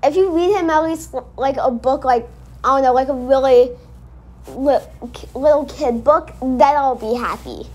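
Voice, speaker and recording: A woman hosting a casual reaction video, talking in an excitable, rambling way and often correcting herself. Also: high-pitched, normal speed.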